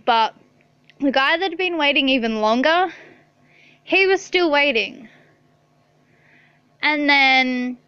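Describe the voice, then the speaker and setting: A young woman with a high, bright voice tells a rambling storytime vlog, exasperated and swearing freely. She speaks at an unhurried pace. The sound is dry and slightly dull. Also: clear, resonant tone, no echo. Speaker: vlogger.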